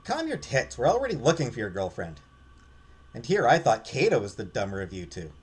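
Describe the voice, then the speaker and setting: Game voice: a man doing a bossy explorer woman with a sharp tongue, lively, a bit husky. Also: medium pitch, brisk, exaggerated voice. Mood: sarcastic. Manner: sarcastic, cutting. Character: sarcastic, bossy young female explorer.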